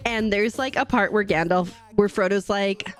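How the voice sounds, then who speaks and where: A woman live-streams a game, chatting casually, laughing often, and warmly greeting her chat viewers in a bubbly, giggly manner. Her voice is mid-range at a moderate pace, with faint music behind her.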